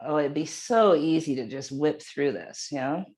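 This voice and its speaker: A woman leading a yoga class, giving calm, unhurried cues for each movement. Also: low-pitched. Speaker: yoga instructor. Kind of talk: guided exercise instruction.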